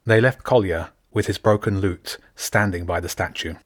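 A man's voice: low voice, normal speed, no room sound, studio quality. A man narrating a children's fantasy story aloud, reading each character's lines in small shifts of voice. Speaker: audiobook narrator. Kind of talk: scripted narration.

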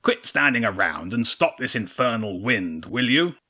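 A man's voice: mid-range voice, expressive, moderate pace, sharp tone, husky. A man voicing a huge, fierce old male badger king who roars and taunts his enemies. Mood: gruff. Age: older. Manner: roaring, taunting, brash.

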